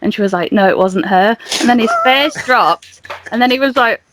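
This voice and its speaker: A woman's voice: a little high, normal speed, noisy background. A young woman guest on a podcast, telling a story casually and animatedly, laughing and acting out the dialogue. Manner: animated, laughing, acts out dialogue in her retelling.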